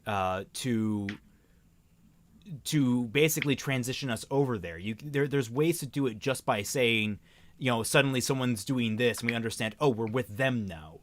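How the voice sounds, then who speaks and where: A man co-hosting a stream, reading fan writing aloud and critiquing it in halting, casual talk. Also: medium pitch. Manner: halting, many restarts, lively when reading quotes.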